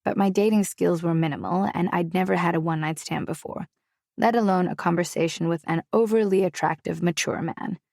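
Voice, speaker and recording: A woman's voice: fairly low pitch, fairly quick, gravelly, darkish tone, no room sound, studio quality. A woman narrating a romance audiobook in the first person, intimate and confessional.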